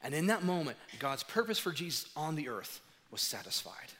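A man preaching a sermon as pastor, animated and acting out dialogue as he tells stories. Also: on the high side, moderate pace. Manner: animated, acts out dialogue in storytelling. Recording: long hall reverb.

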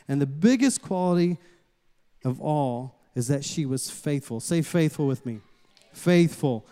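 A man from the States, preaching a sermon as a pastor and calling out to the congregation in a lively storytelling way. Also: fairly high pitch, clean tone. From Southern United States. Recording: long hall reverb.

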